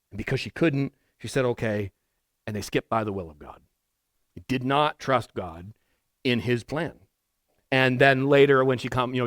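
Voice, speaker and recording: A man's voice: mid-range voice, no echo, studio quality. Casual, rambling man preaching a sermon. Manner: casual and rambling, with many restarts and asides. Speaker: pastor. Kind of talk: conversational expository sermon. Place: church sanctuary.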